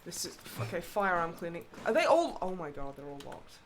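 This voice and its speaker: A woman streamer chats casually over her game with a lively, swooping pitch. She is expressive and quick to swear. Clear background noise sits under her voice. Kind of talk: casual gaming livestream chat.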